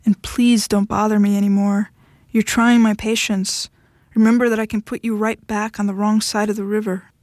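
A woman's voice: medium pitch, flat delivery, normal speed, darkish tone, no room sound, clean studio sound, close to an everyday voice. A woman reading the lines of a blunt young woman who speaks firmly and coolly to her husband.

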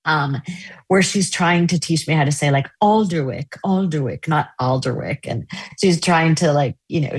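A woman's voice: deep voice, husky, dry recording. A middle-aged woman novelist, chatting casually in an interview, telling stories animatedly with many fillers. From United States.

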